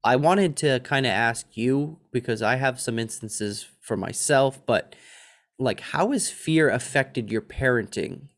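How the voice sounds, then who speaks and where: A man in his thirties co-hosting a podcast, telling a story in a lively, chatty way and mimicking other people's voices. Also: medium pitch, a little slow. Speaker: podcast co-host. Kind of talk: casual chat.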